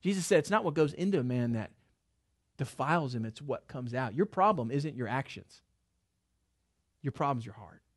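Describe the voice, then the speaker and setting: A middle-aged man preaching a sermon in a conversational way, with quick asides and restarts. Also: medium pitch, lively intonation. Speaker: pastor.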